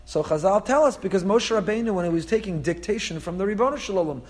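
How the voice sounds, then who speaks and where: A man lecturing as a rabbi in a Torah class, animated and explanatory, weaving in Hebrew terms. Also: high voice, fast.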